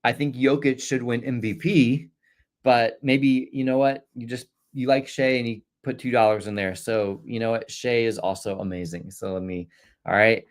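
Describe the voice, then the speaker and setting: Man, middle-aged, livestream teacher, middle pitch, earnest, repeats points, reads chat aloud, desk mic. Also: steady tone, moderate pace. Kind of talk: livestream lesson reading chat.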